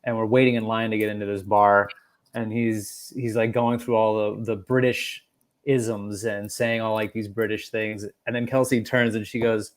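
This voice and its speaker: A male podcast co-host with a mid-range voice. He chats casually and tells animated stories, swearing a lot as he goes. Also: medium pitch, moderate pace. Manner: profane, animated storytelling. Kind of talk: casual comedic chat.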